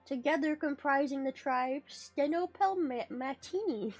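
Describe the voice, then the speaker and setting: This female streamer is bubbly and mischievous, drifting from topic to topic and cursing offhandedly as she talks with her chat. Her voice swings wildly in pitch and loudness, her delivery runs a little slow, and gentle music sits in the background.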